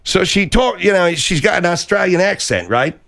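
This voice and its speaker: A man's voice: high-pitched, lively intonation, normal speed, creaky, fairly bright tone. A man hosting a radio comedy talk show, hesitant and often exasperated. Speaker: host.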